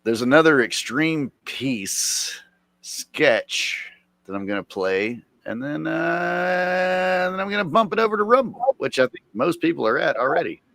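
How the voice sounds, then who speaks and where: A man chatting casually on a live stream, rambling and swearing with sudden loud outbursts. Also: a little high, animated, unhurried, gravelly, no echo.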